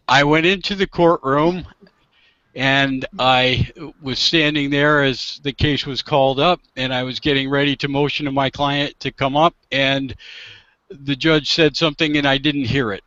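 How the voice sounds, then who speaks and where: Animated man telling a courtroom story. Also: medium pitch, unhurried, dry recording, dull audio. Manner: animated, acts out quotes loudly. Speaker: divorce attorney, guest. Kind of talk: casual storytelling.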